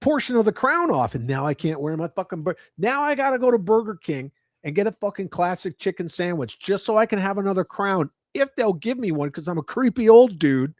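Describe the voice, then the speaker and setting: This livestream host jokes around and swears freely as he talks with live viewers from home, his cats nearby. He sounds high-pitched, animated, brisk and a little mellow, recorded dry with clean studio sound.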